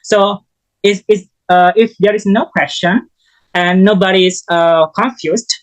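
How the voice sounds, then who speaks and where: A man giving a recorded English lesson as a student teacher, halting and often restarting his phrases. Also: sits high, poor audio.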